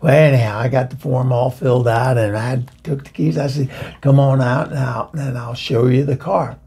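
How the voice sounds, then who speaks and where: A man's voice: mid-range voice, steady tone, normal speed, dark tone, breathy edge. A man voicing a chatty, bawdy middle-aged woman who hosts the show and rambles through gossipy stories. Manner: rambling, gossipy, chuckling storyteller. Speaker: host introducing a music video. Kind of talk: comedic character monologue.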